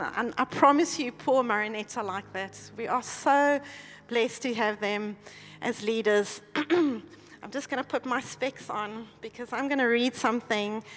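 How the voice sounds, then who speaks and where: Woman preacher, high voice, earnest and animated, echoing hall. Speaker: church leader preaching. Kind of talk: sermon with personal stories. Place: church auditorium. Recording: long hall reverb.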